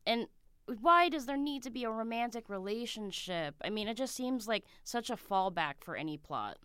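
A woman's voice: fairly high pitch, expressive, moderate pace, a bit bright, clear, resonant tone, dry recording, studio quality. A woman co-hosting a casual film review, frank and conversational.

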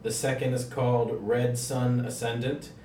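A man's voice: mid-range voice, flat delivery, dark tone. Man hosting from a roomy distance. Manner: steers the discussion, measured and orderly. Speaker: podcast host. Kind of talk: casual comics podcast chat. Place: room in a house. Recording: roomy, distant mic, faint hiss.

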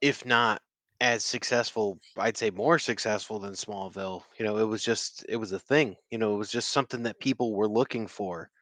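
A man's voice: on the low side, moderate pace, a bit bright, dry recording. A man co-hosting a podcast in casual, offhand chat.

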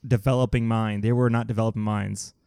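A man's voice: fairly low pitch, level tone, a little fast, creaky, mellow, smooth, dry recording, clean studio sound. A man in his thirties chatting casually with friends, blunt and opinionated. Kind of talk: casual chat.

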